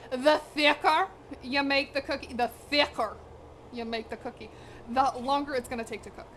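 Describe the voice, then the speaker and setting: A woman's voice: sits high, steady tone, normal speed, a bit bright, a little hiss or hum. A young woman chatting casually with her live-stream viewers while she cooks, slangy, direct and a little out of breath. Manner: chatty, slangy, talks straight to her chat. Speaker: cooking streamer. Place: home kitchen.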